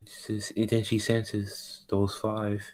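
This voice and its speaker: A man's voice: lowish voice, monotone, slow, a little mellow. A man casually narrating a fan-made what-if story, acting out character lines and slipping into whispers. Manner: acts out lines, slips into whispers.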